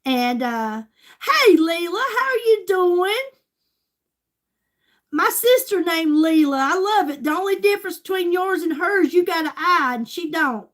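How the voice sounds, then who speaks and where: Older woman, high-pitched, gushing livestream host chat. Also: animated, measured pace. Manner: chatty, gushing, talks straight to viewers.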